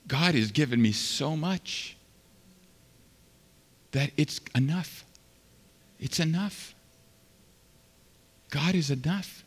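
A man preaching a sermon as pastor, swinging between loud fervent passages and quiet, earnest stretches. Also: mid-range voice. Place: large church sanctuary. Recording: long hall reverb.

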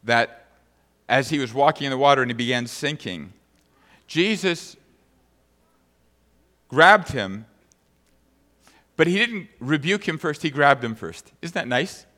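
Guy preaching a sermon, bright forceful voice, long hall echo, reads the verse then chats about it. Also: mid-range voice, lively intonation, a little slow, pauses often. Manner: reads scripture then speaks conversationally. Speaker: pastor.

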